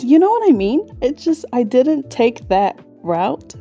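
A woman's voice: high voice, very animated, measured pace, mellow, soft background music. A young adult woman, reflectively recounting past events in casual chat.

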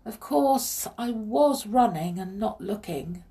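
A woman voicing a sad, tired old lady in a storybook reading, speaking gently and pleadingly. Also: mid-range voice, expressive, slow. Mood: weary, pleading.

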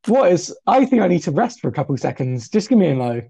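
A man of twenty co-hosting a casual podcast chat, talkative and self-deprecating, his pitch often jumping up. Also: fast, gravelly, slightly rough. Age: 20s. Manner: chatty, self-deprecating, lively pitch jumps. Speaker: podcast co-host.

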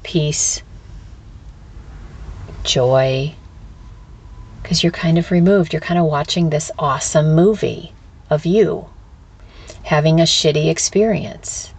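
A woman hosting a spiritual self-help podcast, talking candidly and casually, swearing freely and slipping into high squeaky voices when she quotes people. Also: slow pace, pauses often, husky. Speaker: podcast host. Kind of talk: reflective spiritual talk.

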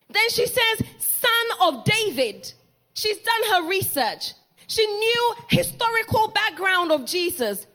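A woman preaches a sermon in a very high voice. Her tone is bright and forceful. She tells the story dramatically, repeats lines for emphasis and acts out the people in it. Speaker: pastor's wife preaching.

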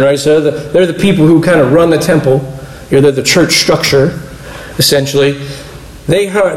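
A man's voice: fairly high pitch, a little mellow, echoey room, poor audio. A man giving a casual, conversational sermon as a pastor, explaining scripture and acting out quoted dialogue along the way. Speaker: pastor teaching a Bible study.

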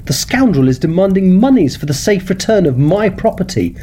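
Give me an indignant, scolding Victorian gentleman, read by a man telling the story, his voice rising as he demands action. He has a mellow tone and swings widely in pitch. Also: very animated, fairly quick, a little hiss or hum, natural voice. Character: indignant Victorian gentleman whose property was stolen.

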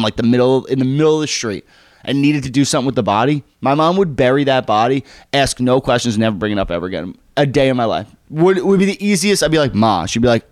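A young man tells a story on a casual podcast, his pitch swinging widely as he acts out each person he quotes. He swears freely and jumps between voices. The sound is close and dry. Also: no echo. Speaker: podcast co-host.

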